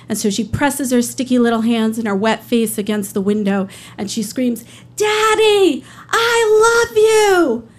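A woman's voice: mid-range voice, darkish tone, slight background noise. A woman and public defender telling a personal story on stage, conversational, earnest and emotional.

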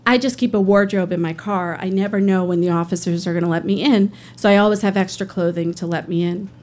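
A woman voicing a kind older female visitor, gentle and reassuring. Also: mid-range voice, fairly even intonation, quick pace, natural voice.

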